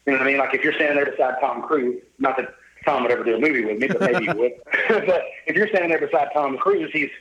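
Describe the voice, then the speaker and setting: A cheerful middle-aged man with a drawl, talking at an easy middle pitch. He tells a long personal story and slips into the voices of the people he quotes. The recording is a little dull and lo-fi, like a modest podcast setup. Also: fast, fairly bright tone. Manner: upbeat, jovial storyteller who acts out quoted dialogue. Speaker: podcast guest. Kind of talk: casual storytelling interview.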